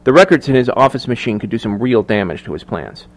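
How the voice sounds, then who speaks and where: A man with a medium-pitched voice narrates a thriller audiobook, a scripted reading delivered in measured, even storytelling.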